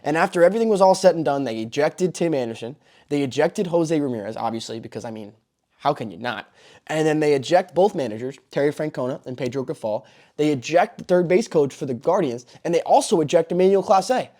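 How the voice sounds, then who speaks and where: A young man hosting a sports show, recapping a baseball brawl with excitable commentary and loud exclamations. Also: fairly high pitch, a little fast. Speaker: host.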